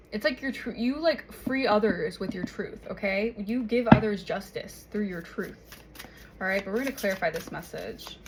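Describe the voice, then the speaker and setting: A woman talks her way through a tarot reading in a loose, chatty voice and keeps tagging her lines with little check-ins. Her pitch sits in a middle range. A faint hiss of noise runs under the recording. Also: poor audio. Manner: chatty, tags lines with "okay?" and "all right?". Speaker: tarot reader. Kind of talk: casual spoken tarot reading.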